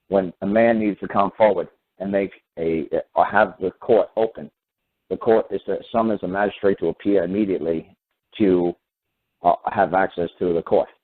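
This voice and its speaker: A man calling into a talk radio show, telling stories and lecturing in an emphatic, repetitive way. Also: low voice. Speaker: guest caller on talk radio. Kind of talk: talk radio storytelling and opinion. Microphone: phone. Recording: phone-line call.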